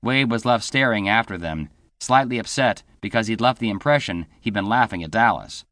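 A man narrating an audiobook in a steady scripted read, shifting into voices for the dialogue. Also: lowish voice, moderate pace, no echo, clean studio sound.

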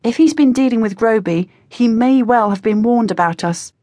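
A woman's voice: on the high side, normal speed, warm tone, no room sound, pitched above the performer's own voice, natural voice. A woman voicing a cautious, level-headed fifteen-year-old girl.

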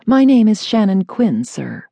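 A woman's voice: mid-range voice, big pitch swings, a little slow, creaky, mellow, no room sound, voice pushed up, full character voice. A woman voicing a polite, flustered desk clerk. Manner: polite professional tone, a little flustered.

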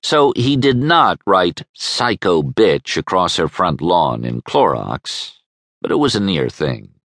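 A man narrating an audiobook with wry, expressive storytelling. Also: low voice, measured pace, dry recording. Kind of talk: scripted narration. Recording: dry studio sound.

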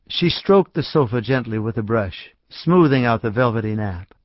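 A man reading a short story aloud as an audiobook narrator, in an even, measured way. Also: medium pitch, no echo. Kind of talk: scripted narration. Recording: dry, slightly dull studio audio.

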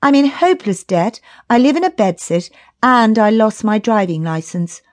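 A woman's voice: fairly high pitch, big pitch swings, moderate pace. A woman narrator voicing the heroine's own dialogue, a direct, teasing young woman.

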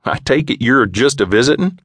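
A man's voice: medium pitch, sing-song, brisk, fairly bright tone, no echo, pitched above the performer's own voice. A man doing a folksy small-town postman. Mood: eager. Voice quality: folksy, drops word endings. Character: friendly small-town Alaskan postal worker, folksy man.

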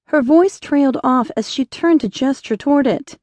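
A woman narrating an inspirational romance audiobook in a measured storytelling voice on a close studio mic. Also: high voice, lively intonation, darkish tone, dry recording. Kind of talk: scripted narration.

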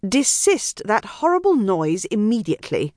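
A woman's voice: medium pitch, sing-song, moderate pace, darkish tone, no echo, studio quality, close to an everyday voice. A woman playing a prim, commanding young lady. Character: proper, strong-willed young English lady.

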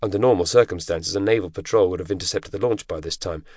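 A man narrating an audiobook in a measured, dramatic storytelling manner. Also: low voice, a little mellow, dry recording. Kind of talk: scripted narration. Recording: dry close studio recording.

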